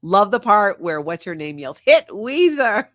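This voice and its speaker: A woman's voice: on the low side, moderate pace, a bit bright, no echo, clean studio sound. An older woman chatting casually on a livestream, laughing often and reading viewer comments aloud. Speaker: livestream host.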